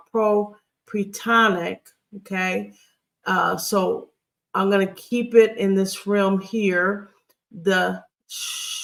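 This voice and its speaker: A Hebrew grammar teacher talks through a recorded lesson at an unhurried, deliberate pace. The voice is gravelly with a touch of vocal fry. Delivery is halting and patient, pausing often to check in with the listeners. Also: mid-range voice, a bit bright. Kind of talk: recorded online lesson, writing on screen.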